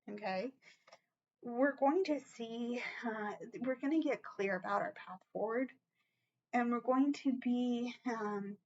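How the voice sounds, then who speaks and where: A woman giving a casual tarot reading to her viewers, chatty and reassuring, often checking in with a quick "okay?". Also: on the high side, darkish tone, lo-fi sound, a little hiss or hum. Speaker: tarot reader.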